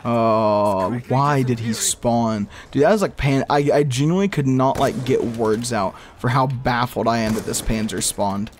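A young man who makes gaming videos delivers meandering live commentary on his own play, speaking to himself and letting out exasperated outbursts. His mid-range voice is a little slow, with few pauses.

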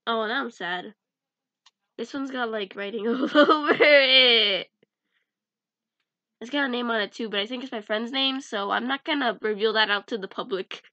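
A woman's voice: fairly high pitch, a little fast, pushed and bright, no echo. A young woman chatting casually in a vlog as she sorts through cards, giggling and mumbling names to herself. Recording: dull lo-fi sound.

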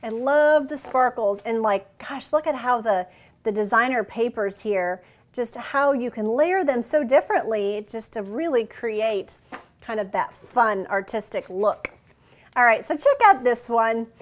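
A woman hosting a card-making channel, gushing and showering thanks as she shows handmade cards in a casual show-and-tell. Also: on the high side. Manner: gushing, warm thanks, frequent "so cute" exclamations.

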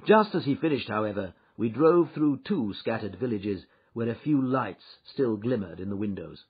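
A man reading a classic story aloud in a measured storytelling manner, as audiobook narrator. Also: fairly low pitch, expressive, husky. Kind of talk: scripted narration. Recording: dull lo-fi recording.

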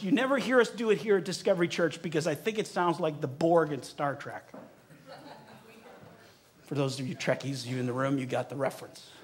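A male pastor preaching in a church with a notably high voice. He urges his congregation to speak along with him, stretching out key phrases and pressing hard on each one. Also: fairly bright tone. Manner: leads the congregation in a call-and-response recitation; emphatic, urging, drawn-out phrasing. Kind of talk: sermon. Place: church sanctuary.

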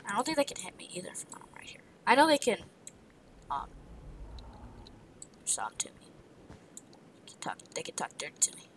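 Woman, gamer, muttered self-talk, mostly whispered, lively pitch swings, frustrated outbursts. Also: moderate pace, long pauses, poor audio. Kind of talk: let's play commentary.

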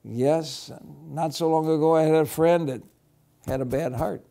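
Soft-spoken, slightly high male children's teacher, gentle and reassuring. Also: unhurried, gravelly. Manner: gentle, reassuring storytelling, softening to a hush. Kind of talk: children's Bible lesson.

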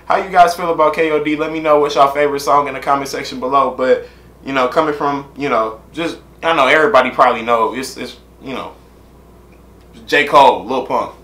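A man's voice: mid-range voice, fairly quick, fairly bright tone, reverberant. A man hosting a casual music reaction vlog, talking in a loose, slangy, rambling way full of filler phrases. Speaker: reaction channel host.

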